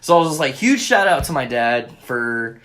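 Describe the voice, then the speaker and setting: A young man co-hosting a casual podcast chat, telling a rambling, profanity-laden story with excitable bursts, recorded on a phone. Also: mid-range voice, moderate pace. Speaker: podcast co-host.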